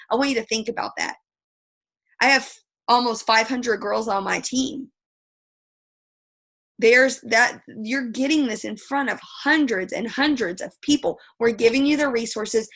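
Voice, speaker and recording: Woman, 30s, sales team leader; tough-love motivator, emphatic, rambling, bright voice, video call audio. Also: a little high.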